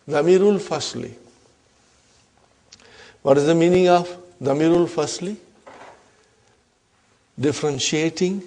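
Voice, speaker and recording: A man teaching an Arabic grammar class, slowly reading example sentences, repeating key terms and often checking that the class follows. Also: a little high, darkish tone. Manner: checks understanding with frequent questions.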